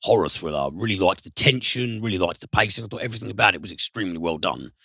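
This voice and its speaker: A man reviewing films on a podcast, animated and given to swearing and sudden high mimicry. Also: fast talker, creaky, no room sound, clean studio sound. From United Kingdom. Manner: animated, swears, mimics voices with big pitch jumps. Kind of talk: casual podcast film review.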